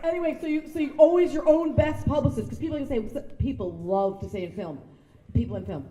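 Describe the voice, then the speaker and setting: Animated woman telling stories in an echoey hall. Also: high voice, quick pace. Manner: animated storytelling, acting out voices with laughter. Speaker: guest speaker. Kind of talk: anecdotal speech to an audience. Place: large sound stage before an audience. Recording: echoey room.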